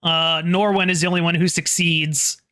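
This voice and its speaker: Bright-voiced game master running a dungeon. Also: medium pitch, little pitch movement. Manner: halting, restarts phrases while describing the scene. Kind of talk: running a tabletop game over voice chat.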